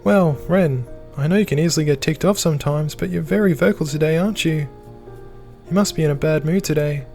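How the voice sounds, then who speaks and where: Excited young woman in a game, voiced by a man: bubbly, high, eager. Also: brisk, vocal fry, soft background music. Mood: teasing.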